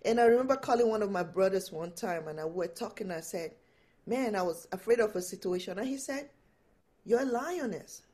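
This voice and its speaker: A woman guest and empowerment coach, telling personal stories with animated delivery and frequent laughter. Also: medium pitch, brisk. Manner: animated storytelling, laughs often. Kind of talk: storytelling in an interview.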